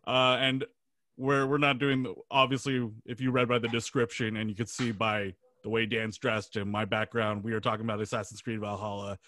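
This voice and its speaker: A man's voice: lowish voice, little pitch movement, brisk, pushed and bright, dry recording. A man hosting a casual gaming podcast, chatty and rambling, laughing easily. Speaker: podcast host. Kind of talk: casual chat.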